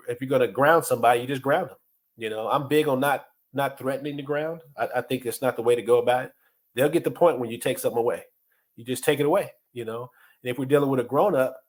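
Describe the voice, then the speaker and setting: A middle-aged man hosting a podcast, giving casual motivational leadership advice in an earnest way, often restarting and repeating words. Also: medium pitch. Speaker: podcast host and leadership coach.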